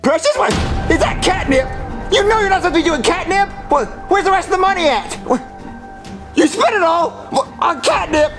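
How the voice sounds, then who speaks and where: A shy, naive young boy who stutters through his words and gets excited easily, as a man acts him out. The voice is extremely high and lively, with faint music behind it. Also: moderate pace, full character voice. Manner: stammering, timid, easily excited. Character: naive, nervous young boy cat owner. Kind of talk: puppet comedy acting.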